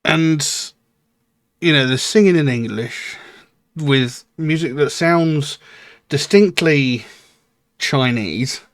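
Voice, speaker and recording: A man's voice: on the high side, slow pace, pauses often, no room sound. Man musing over a song, dry close sound. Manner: musing, thinks aloud with frequent fillers. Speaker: music reaction channel host. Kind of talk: casual spoken commentary.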